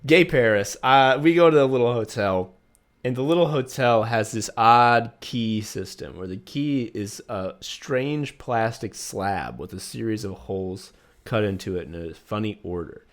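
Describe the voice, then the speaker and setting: A man's voice: fairly low pitch, unhurried. A man co-hosting a podcast, telling a travel story in casual chat that is rambling, jokey and full of fillers and swearing. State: recovering from a virus. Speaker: podcast co-host.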